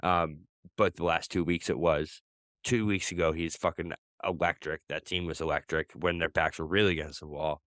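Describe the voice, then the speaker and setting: A man's voice: rumbling low, steady tone, moderate pace, fairly bright tone, no echo, clean studio sound. A man co-hosting a sports podcast in casual chat, rambling and swearing freely, often restarting his sentences. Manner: rambling and profane, with many restarts. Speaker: podcast co-host.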